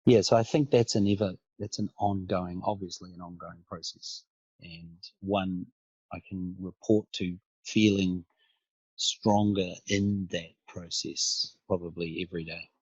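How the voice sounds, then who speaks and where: Deep, husky man talking thoughtfully. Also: steady tone, a little slow, a little mellow, no room sound, dull audio. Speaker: podcast guest. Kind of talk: casual reflective conversation.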